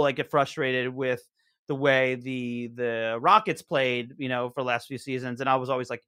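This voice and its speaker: Young adult man, podcast guest, bright tone, dry close sound, meandering anecdotal delivery. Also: medium pitch, dry recording. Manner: rambling storyteller with many fillers and restarts. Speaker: podcast guest, show co-creator. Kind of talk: casual chat.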